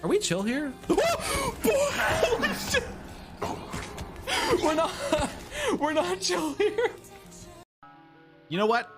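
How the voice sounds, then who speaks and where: A high-pitched, wildly swooping male voice belongs to a game streamer who reacts to everything with gasps and bursts of laughter. He talks in an unhurried way between his outbursts. Game music plays clearly underneath him. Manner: excitable, gasping, laughing reactions. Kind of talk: live game stream commentary.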